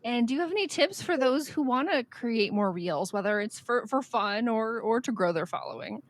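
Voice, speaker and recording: A woman's voice: on the high side, animated, normal speed. A woman hosting a podcast, asking her guest questions in a friendly, curious, casual way. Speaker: podcast host. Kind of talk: casual interview chat.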